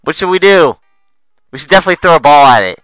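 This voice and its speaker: Excitable swearing young gamer guy. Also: on the high side, quick pace, dry recording, faint music behind, low-quality recording. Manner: excitable, swearing, mutters asides then yelps. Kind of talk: let's play commentary.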